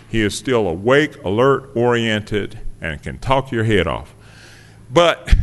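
Speaking to a live audience in a hall with long reverb, a man tells his recovery story in a conversational, wry, self-deprecating way. His voice is lowish with a fairly bright tone.

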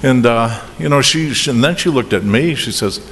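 A man's voice: mid-range voice, fairly bright tone. Middle-aged guy w/ a boston accent rambling thru his story, lots of restarts and little laughs, big echoey room. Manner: rambling, halting, frequent restarts and chuckles. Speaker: speaker sharing his drinking story. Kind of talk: personal testimony at a recovery meeting. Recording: reverberant hall with faint noise.

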